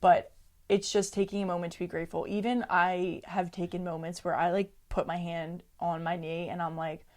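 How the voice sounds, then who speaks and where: A woman's voice: lowish voice, little pitch movement, normal speed, a little mellow. A young woman co-hosting a podcast, talking earnestly and reflectively in casual chat, often breaking into laughter. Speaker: podcast co-host.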